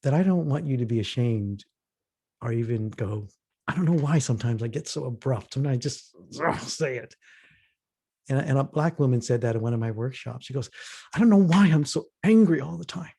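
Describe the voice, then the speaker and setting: A man's voice: mid-range voice, brisk, vocal fry, mellow. Earnest man leading a race workshop. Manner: earnest storyteller, acts out quoted voices. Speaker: workshop facilitator. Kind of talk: reflective workshop talk.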